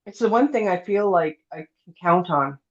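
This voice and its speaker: A woman's voice: lowish voice, normal speed. A middle-aged woman tells a personal story to an interviewer at an easy, casual pace. She slips into the voices of the people she quotes and leans on fillers like "you know" and "um". The recording is a bit dull and lo-fi. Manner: lively storyteller, acts out quoted dialogue, many fillers. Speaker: guest telling her near-death story. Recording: dull lo-fi sound.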